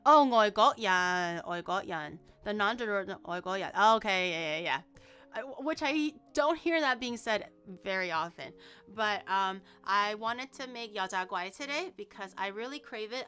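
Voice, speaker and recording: A woman chatting casually on a cooking livestream, excitable and rambling, swearing freely as she goes. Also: mid-range voice, moderate pace, faint music behind. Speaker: streamer cooking on stream.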